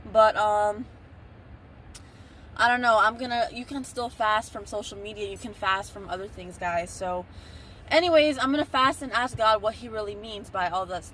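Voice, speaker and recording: A woman's voice: mid-range voice, sharp tone, a little hiss or hum. Chatty young woman vlogging from her car. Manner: chatty, rambling, talks straight to viewers. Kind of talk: casual storytelling vlog. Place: in a parked car.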